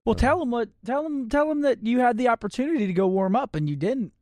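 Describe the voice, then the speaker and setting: A man's voice: extremely high pitch, expressive, quick pace, darkish tone, no room sound, studio quality. A man co-hosting a casual chat, teasing and easygoing. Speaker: podcast co-host.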